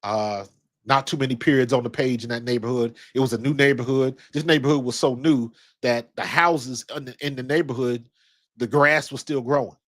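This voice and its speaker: With a medium-pitched, slightly bright voice and fairly even intonation at a moderate pace, a fifty-something man from Ohio rambles through casual basketball talk and personal anecdotes. He's blunt and slangy and swears now and then.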